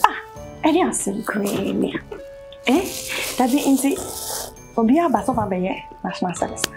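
A woman's voice: fairly high pitch, expressive, unhurried, over music. A woman with a Ghanaian accent playing a put-upon young intern who complains at length, mixing Twi and English. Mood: aggrieved. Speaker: national service trainee. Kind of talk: comic web-series acting.

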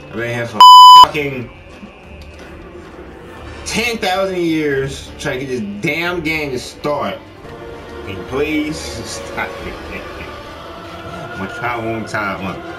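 A man's voice: mid-range voice, animated, slow, pauses often, over loud music. A man streaming a game, exasperated and swearing as he pleads with the game to start. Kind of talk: frustrated livestream gaming talk.

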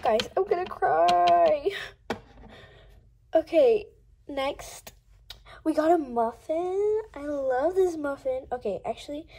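A young woman chatting casually while unboxing toys, gushing and gasping often, sometimes dropping to a breathy coo. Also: sits high, noisy background.

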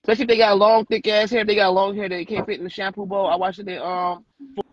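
A woman's voice: mid-range voice, little pitch movement, quick pace, muffled recording. A woman from Detroit chatting on a phone live stream while driving, brash and profane, teasing the others. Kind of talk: casual chat while driving. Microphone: phone in car.

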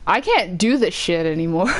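A woman's voice: fairly low pitch, lively intonation, normal speed, slight background noise. A young woman commentating her video game run, exasperated, swearing and talking to her viewers. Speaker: gamer. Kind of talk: let's play commentary. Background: loud video game music.

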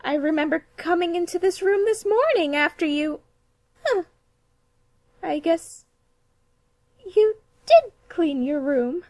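A woman's voice: extremely high pitch, a little mellow, no room sound, voice pushed up, full character voice. A woman voicing a flustered, scatterbrained cartoon mother with a chatty, flighty manner. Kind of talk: cartoon voice acting demo.

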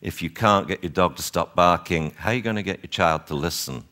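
A man lecturing a seminar on dog training, animated and wryly exasperated, acting out owners and dogs as he goes. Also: low voice, fairly quick.

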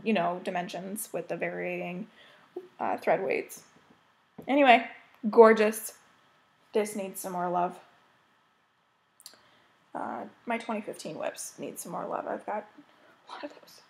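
An American woman chatting casually as she shows her cross-stitch projects, rambling and gushing over them. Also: mid-range voice. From United States. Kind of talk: casual show-and-tell chat.

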